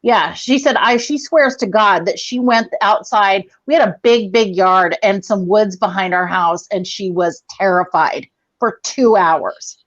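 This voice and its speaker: A woman in her forties on a video call, telling a rambling, profane story in a casual, animated way. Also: mid-range voice, unhurried, no echo, muffled recording. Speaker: guest comedian.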